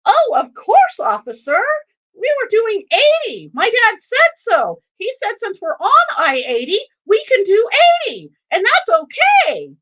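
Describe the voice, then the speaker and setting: A breathless little boy's voice that swoops sky-high and never stops asking questions, as a woman puts him on in a story. The pitch jumps all over the place, loud and chirpy. The audio is dull and lo-fi, like a live stream. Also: heavily acted. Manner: breathless, excited, runs on without pause. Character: chatty precocious six-year-old boy, nonstop questions.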